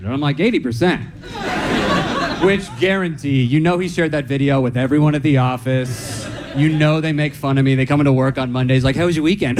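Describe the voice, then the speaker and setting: A man doing stand-up, telling a story in an animated way and laughing through it. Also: mid-range voice, quick pace, background noise. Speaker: stand-up comedian.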